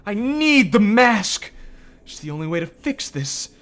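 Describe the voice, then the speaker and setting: A man voicing an unstable, paranoid young woman in a game, shrill and accusing. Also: big pitch swings, unhurried, a bit bright, heavily acted. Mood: frantic. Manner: frantic, accusing. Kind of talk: reading game dialogue aloud.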